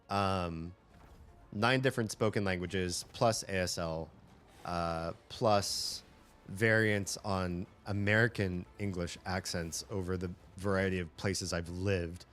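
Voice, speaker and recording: A male streamer chatting casually with viewers, rambling and lecturing about language and accents. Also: deep voice. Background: faint game music.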